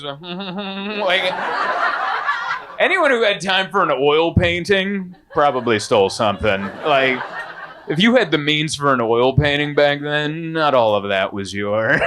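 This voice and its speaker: A young man performing a stand-up comedy set, telling a rambling, animated story with lots of fillers. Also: fairly high pitch, background noise.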